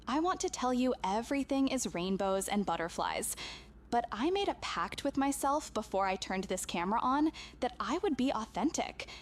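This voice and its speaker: A woman's voice: on the high side, a little hiss or hum. A woman speaking earnestly and intimately to a camera, delivering a channeled spiritual message with emphatic repetition.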